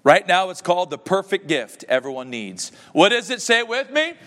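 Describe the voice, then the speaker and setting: High-voiced male pastor preaching. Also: very animated, moderate pace, fairly bright tone, long reverb tail. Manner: emotive preaching, joking with the congregation. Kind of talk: sermon.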